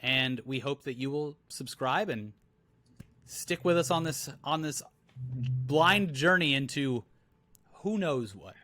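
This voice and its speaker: Young male co-host, mid-pitched, casual and jokey, rambles with fillers on a live stream. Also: expressive, takes it slowly, pauses often, pushed and bright. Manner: joking, rambling, many fillers. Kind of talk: live-stream town hall chat.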